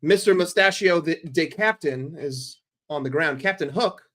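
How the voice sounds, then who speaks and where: A man from New York runs a football watchalong, giving live commentary at a moderate pace. He's profane, sarcastic and excitable, his very bright, forceful, somewhat high voice shifting between low grumbles and loud yells.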